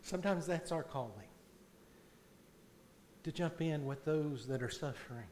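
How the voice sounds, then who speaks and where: A man preaching a sermon as pastor in a church, slow and deliberate, swelling loud on key points. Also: fairly high pitch, a little hiss or hum. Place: church sanctuary.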